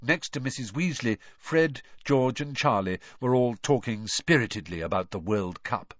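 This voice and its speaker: A man narrating an audiobook in an expressive storytelling manner. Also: medium pitch, normal speed, no echo, lo-fi sound. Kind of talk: scripted narration.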